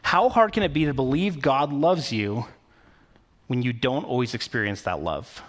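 A man's voice: mid-range voice, expressive, moderate pace. A man preaching a sermon in a conversational, storytelling way, with occasional fillers. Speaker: pastor.

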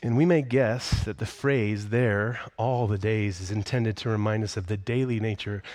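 A middle-aged man preaching a sermon in a conversational way, dropping to hushed whispers on key phrases. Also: fairly low pitch, steady tone, moderate pace, no echo, studio quality. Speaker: pastor.

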